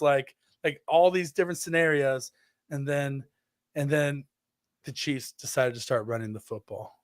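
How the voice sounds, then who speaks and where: A man in his thirties co-hosting a podcast, telling stories in an animated way, acting out quotes and swearing freely. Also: medium pitch, normal speed, dry recording, clean studio sound. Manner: animated storytelling, acts out quotes in exaggerated voices, swears freely. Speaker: podcast co-host. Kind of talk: casual chat.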